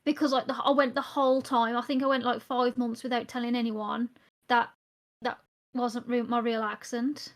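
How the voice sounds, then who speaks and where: Young Black Country woman, slightly high voice, easygoing podcast co-host. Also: little pitch movement, moderate pace. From Black Country, England. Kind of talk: casual chat.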